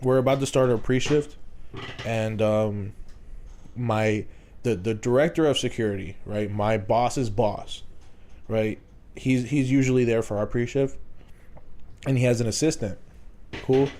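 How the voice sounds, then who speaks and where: Mellow-voiced man telling a rambling story. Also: medium pitch, unhurried, long pauses, a little hiss or hum. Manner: rambling, profane, laughs often. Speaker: podcast co-host. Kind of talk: casual storytelling chat.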